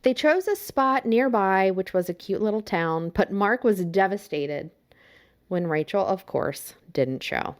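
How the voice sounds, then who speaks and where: A woman's voice: mid-range voice, lively intonation, a little slow. A woman co-hosting a podcast, narrating a true crime case in a casual, playful way. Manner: casual, playful storytelling with laughs. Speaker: podcast co-host.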